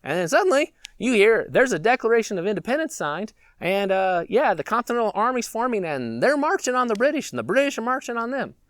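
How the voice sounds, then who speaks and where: A man hosting a prepper channel rambles casually and chuckles between thoughts. His pitch swings widely, and his voice sounds close and dry. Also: very animated, quick pace, hardly any pauses, fairly bright tone, no room sound. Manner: rambling, chuckling, musing aloud. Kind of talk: casual vlog monologue.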